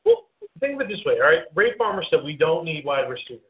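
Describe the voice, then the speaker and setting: A man's voice: a little high, big pitch swings, fast talker. A man co-hosting casual sports talk, mostly agreeing and laughing along with brief replies. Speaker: co-host. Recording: tinny phone-like sound in an echoey room.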